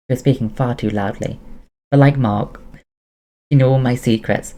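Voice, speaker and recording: A man reading a novel aloud as first-person narration, steady with occasional laughs. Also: medium pitch, normal speed, pauses often.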